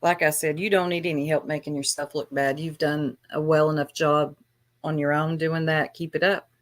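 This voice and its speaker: Taunting woman vlogger, lowish voice. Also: flat delivery, moderate pace. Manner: taunting, sarcastic. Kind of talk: livestream rant.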